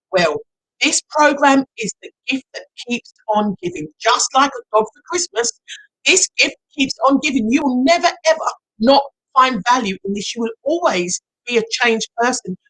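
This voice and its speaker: A middle-aged woman hypnotherapist talks on a livestream in an effusive, gushing way, and her voice sits fairly high. The sound is close and dry, with no room around it. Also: fairly bright tone, dry recording, poor audio. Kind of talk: livestream coaching pitch.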